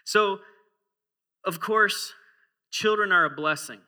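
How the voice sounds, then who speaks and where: A male preacher in his forties delivers a sermon in a church with a sharp, very bright voice pitched a little high. He talks in a relaxed, humorous way, telling stories and throwing questions out to the congregation. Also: slow pace, clear, resonant tone.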